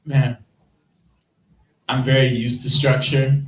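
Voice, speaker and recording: A man's voice: mid-range voice, flat delivery, takes it slowly, reverberant, recorded from a distance, poor audio. A man with a Midwestern accent doing rambling, self-deprecating stand-up, laughing at his own jokes. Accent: Midwestern American. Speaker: stand-up comedian. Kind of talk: stand-up comedy set on a live stream.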